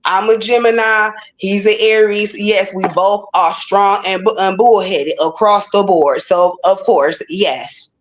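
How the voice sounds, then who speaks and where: A woman's voice: medium pitch, a little slow, few pauses, slight background noise. A woman speaking as a guest in a casual talk, making her points emphatically and repeating them firmly. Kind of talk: casual conversation.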